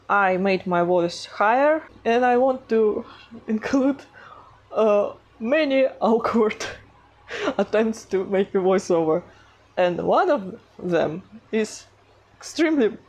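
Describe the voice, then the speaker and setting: A woman with a non-native English accent talks through her art process in a casual vlog. She speaks slowly and hesitantly, with many fillers and self-conscious giggles. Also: medium pitch, expressive, darkish tone. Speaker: animation artist vlogger.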